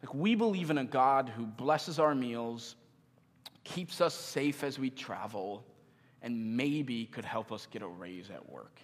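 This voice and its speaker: A man's voice: mid-range voice, takes it slowly. A pastor in his thirties preaches in an easy, conversational style and pokes fun at himself. His voice rises and falls a lot as he talks. A long reverb trails behind him, as in a large church auditorium. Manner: conversational, animated, self-deprecating humor. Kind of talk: sermon.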